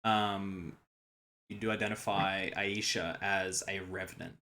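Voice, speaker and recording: A man narrating a tabletop game as game master, unhurried and relaxed, with hesitant fillers. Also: deep voice.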